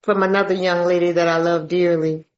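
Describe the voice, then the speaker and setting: A woman's voice: lowish voice, little pitch movement, a little fast, muffled recording. A woman from Atlanta sharing her recovery story at a meeting, folksy and emphatic, calling listeners "baby".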